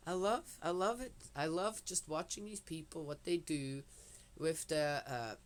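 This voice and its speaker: A woman's voice: low-pitched, unhurried. An older woman chatting in a meandering, talkative way, drifting between personal stories and Bible commentary and often dropping in little "yes" asides. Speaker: vlogger. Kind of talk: rambling casual chat and Bible commentary.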